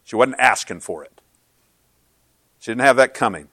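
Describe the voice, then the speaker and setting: A man preaching a sermon as pastor, earnest and swinging from loud to hushed. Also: mid-range voice, animated, normal speed, gravelly, dry recording.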